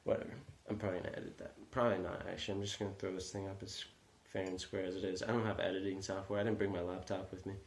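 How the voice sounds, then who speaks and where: Young guy vlogging, kinda low voice, rambles a lot, echoey room. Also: little pitch movement, very fast, hardly any pauses. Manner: rambling, self-deprecating, many fillers. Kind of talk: casual vlog talk.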